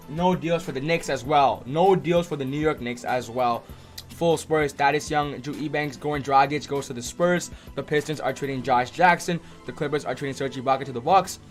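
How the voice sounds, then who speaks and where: A young man hosting a live sports stream, reacting excitedly and answering chat by name. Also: mid-range voice. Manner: excitable, reads chat names aloud.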